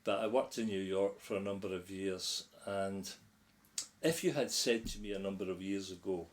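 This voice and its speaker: Lively Scottish man telling a story. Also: sits low, moderate pace. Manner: animated storyteller, laughs while telling anecdotes. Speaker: podcast guest. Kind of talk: casual storytelling chat.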